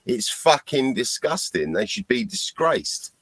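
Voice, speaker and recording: A man's voice: medium pitch, very animated, a little slow, a bit bright, breathy edge, dry recording, rough recording. A drunk man, swearing crudely on a stream panel. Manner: crude, insulting, heavy swearing.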